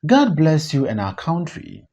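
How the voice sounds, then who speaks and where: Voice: medium pitch, huge pitch swings, a little slow, a little mellow, heavily acted. A reader voicing a fiery young male leader who speaks in a commanding, preaching way, on a dull lo-fi recording. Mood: rousing.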